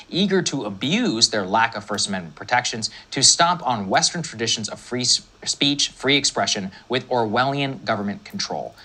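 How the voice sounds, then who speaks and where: Bright, lively news commentator. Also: mid-range voice. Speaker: political commentator.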